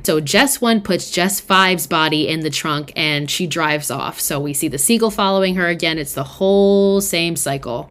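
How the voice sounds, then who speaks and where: Low-voiced woman recapping a film, chatty and profane. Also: a bit bright. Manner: chatty, swears often, fillers like "like". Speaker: podcast host.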